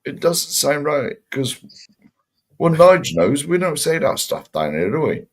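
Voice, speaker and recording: A man co-hosting a casual pub chat show, friendly and animated, calling everyone mate. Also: a little high, measured pace. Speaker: podcast co-host.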